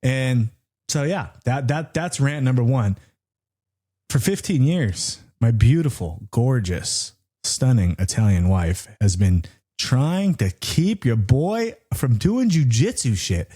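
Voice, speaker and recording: A middle-aged man co-hosting a podcast, telling a story in an animated rant, swearing freely and jumping up high when he retells what others said. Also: takes it slowly, slightly rough. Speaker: podcast co-host.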